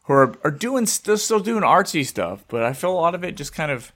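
A man's voice: a little high, sing-song, fairly quick, fairly bright tone. A young man, a co-host rambling casually over a video call and swearing offhandedly. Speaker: podcast co-host. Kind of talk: casual chat.

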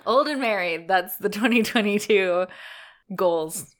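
A woman's voice: medium pitch, measured pace. A woman from Canada co-hosting a podcast, teasing her co-host and laughing often. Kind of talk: casual chat.

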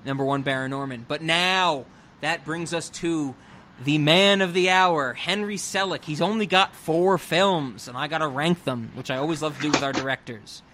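A young man talks films on a podcast in a high, bright, forceful voice. He gushes with open enthusiasm and drops swear words freely. His style is loose and conversational. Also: moderate pace, slight background noise. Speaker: podcast co-host. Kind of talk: casual film discussion.

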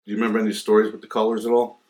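Casting: low-voiced man, quick prompting questions. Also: flat delivery, darkish tone. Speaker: interviewer, old fellow clammer. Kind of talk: casual interview chat.

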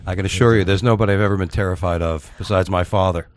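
A man with a somewhat low voice hosts a casual radio talk show. He tells stories in a loose, rambling way, full of restarts and fillers. The sound is dry and close. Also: fairly even intonation, fast talker, no room sound. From Florida.

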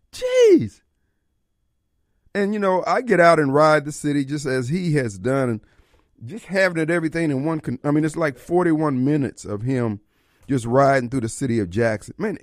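A man's voice: mid-range voice, no echo, studio quality. A man hosting a call-in radio talk show, blunt and opinionated, laughing easily with callers.

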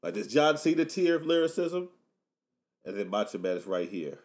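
A man riffing casually with a friend, his pitch jumping all over as he talks. He rambles through slang and self-corrections and often breaks into laughter at his own bits. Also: big pitch swings, normal speed. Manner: joking, cracks himself up with loud laughter; rambling banter full of slang and restarts. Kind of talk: casual chat.

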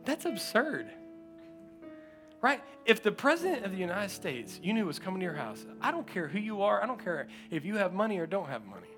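High-voiced animated preacher man. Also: brisk, music in the background. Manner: animated storytelling, acts out quotes, often laughs. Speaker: pastor. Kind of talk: sermon.

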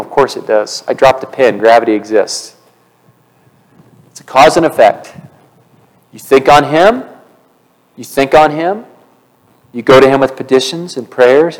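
A male pastor preaching a sermon in church, animated and conversational, asking the congregation questions. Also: mid-range voice, poor audio.

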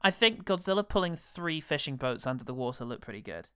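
Man, casual film chat, bright tone, dry close sound, teasing. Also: mid-range voice, very animated, quick pace, clear, resonant tone, no echo. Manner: joking, teasing.

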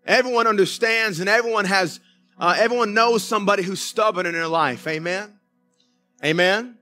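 A man's voice: sits high, normal speed, pushed and bright, faint music behind. A man with a Southern US accent preaching a sermon to his church, telling folksy stories and calling out to the congregation for an amen. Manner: folksy storytelling with asides to the congregation. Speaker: pastor. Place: church sanctuary.

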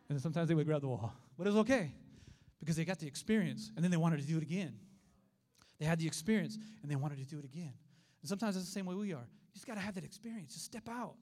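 A middle-aged man preaching a sermon, telling stories in an animated way and acting out the voices of the people in them. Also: fairly high pitch, rapid-fire. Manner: animated storytelling with acted voices.

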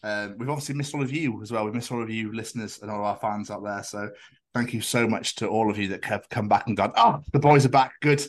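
A man with a Scottish accent co-hosting a podcast, an animated storyteller who swears freely. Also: lowish voice, fast. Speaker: podcast co-host. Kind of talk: casual chat.

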